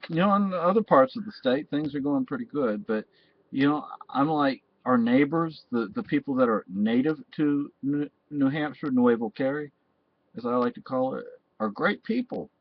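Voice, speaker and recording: A man's voice: medium pitch, animated, normal speed, dry recording. Man, rambling monologue, repeats himself, muffled lo-fi sound. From Texas. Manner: rambling, repeats and restarts phrases. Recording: dull, dry lo-fi recording.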